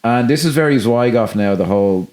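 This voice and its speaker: A man's voice: medium pitch, expressive, brisk, darkish tone. A man co-hosting a podcast, chatting casually about a film, swearing freely and acting out scenes in quoted voices. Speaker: podcast co-host.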